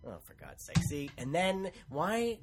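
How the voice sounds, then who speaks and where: A man's voice: fairly high pitch, wildly swooping pitch, a little slow, noisy background. Man bantering sarcastically on a podcast. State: getting over a cold. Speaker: podcast co-host. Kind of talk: casual comedic chat.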